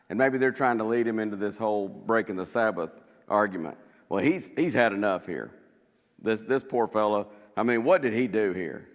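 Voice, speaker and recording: A man leading a conversational Bible study in a church, animated as he acts out scripture quotes and chuckles along the way. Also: fairly low pitch, big-room sound.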